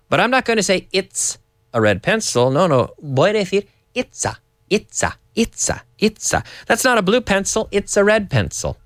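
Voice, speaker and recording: A man teaching English to Spanish speakers, repeating words slowly and switching between both languages. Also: mid-range voice, a bit bright, dry recording, clean studio sound. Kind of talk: bilingual English lesson.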